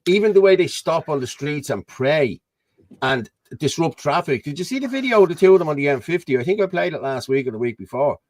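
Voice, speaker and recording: A man's voice: fairly high pitch, animated, brisk, a little mellow, no room sound. An Irish man hosting a casual political chat over a video call, rambling and blunt, often asking "you know what I mean". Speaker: host.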